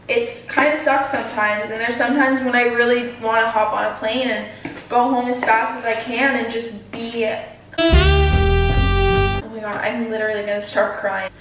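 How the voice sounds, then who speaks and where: A woman's voice: on the high side, a bit bright, slight background noise. A teenage girl vlogging casually while cooking in her kitchen, talking with lots of fillers. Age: teens. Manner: chatty, many fillers, talks while mashing. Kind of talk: casual cooking vlog chat. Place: home kitchen. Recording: very echoey room, distant mic.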